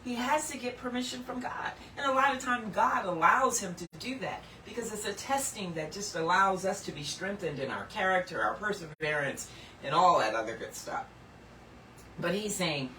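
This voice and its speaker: A woman giving sermon-style Bible teaching, earnest and emphatic, lifting some lines high and dropping others low and hushed. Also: lively intonation, moderate pace, reverberant, far from the mic, slight background noise, low-quality recording.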